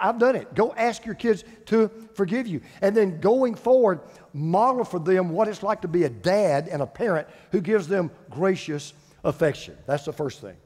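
Older pastor with a high voice. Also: male voice, darkish tone. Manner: emphatic, repeats phrases for stress. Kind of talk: sermon. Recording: long hall reverb.

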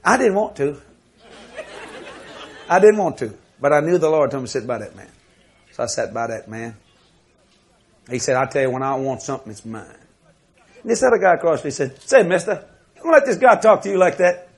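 A man preaching a sermon, telling a story in an animated, laughing way and acting out what people said. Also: fairly high pitch, fairly quick, long pauses.

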